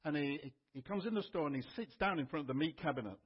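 Husky conversational preacher man. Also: fairly high pitch, lively intonation, fast, lo-fi sound. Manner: conversational teaching, with fillers. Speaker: pastor. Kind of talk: sermon.

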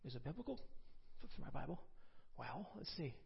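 Husky preacher telling a testimony. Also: male voice, mid-range voice, a little fast. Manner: animated storytelling, rising to forceful preaching. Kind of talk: sermon with personal testimony. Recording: dull lo-fi recording.

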